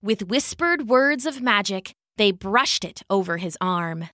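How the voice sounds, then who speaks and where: Slow, bright-voiced woman storyteller. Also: medium pitch, expressive, dry recording, clean studio sound. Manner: measured, unhurried storytelling. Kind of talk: scripted story narration.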